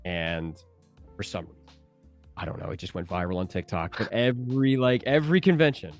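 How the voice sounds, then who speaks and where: A man's voice: lowish voice, steady tone, brisk, faint music behind. A man telling laid-back stories on a virtual convention panel, laughing as he goes. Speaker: voice actor panel guest. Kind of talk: casual convention panel storytelling. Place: online video call.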